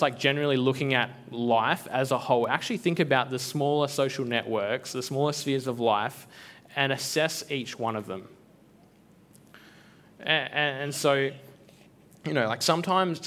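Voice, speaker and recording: A man at a mid-range pitch gives a laid-back devotional talk. He speaks earnestly but loosely, leaning on fillers, repeats and restarts as he works through his point. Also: fairly bright tone. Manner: conversational, filler-heavy, earnest, with frequent repeats. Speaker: preacher.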